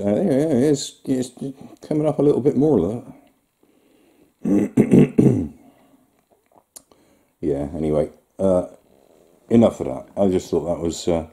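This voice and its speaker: A man with a low, very dark and mellow voice. He talks as he films himself, rambling in a loose, chatty commentary with fillers and small chuckles, as if talking half to himself and half to the viewer. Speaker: vlogger. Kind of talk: casual self-filmed commentary.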